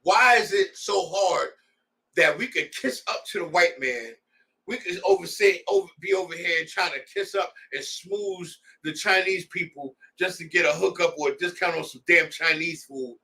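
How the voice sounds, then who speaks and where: A man's voice: sits high, expressive, normal speed, vocal fry, sharp tone, distant mic. A man leading a scripture class, preaching in a heated, blunt way with street slang. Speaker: class leader.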